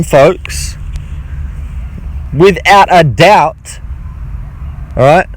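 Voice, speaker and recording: A man's voice: high-pitched, low-quality recording. A man delivering an angry, profane monologue to his audience. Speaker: vlogger. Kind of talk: monologue to camera.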